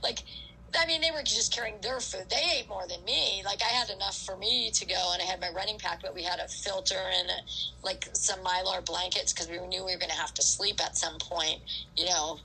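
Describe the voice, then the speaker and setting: A middle-aged woman chatting as a podcast guest, her voice bright and forward at a middling pitch. She tells her story in an animated, loose way, peppered with "like" and quick acted-out quotes of what people said. A faint hiss sits under the talk. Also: gravelly, low-quality recording. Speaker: guest ultrarunner. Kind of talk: casual storytelling interview.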